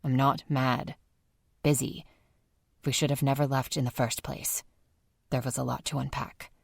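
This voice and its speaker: A woman puts on a reserved adult man with a Serbian accent for an audiobook. He speaks slowly and stiffly, avoiding contractions, in a deep gravelly tone. The recording is dry and close. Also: little pitch movement, no room sound, exaggerated voice. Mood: guarded. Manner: slow, clipped, avoids contractions.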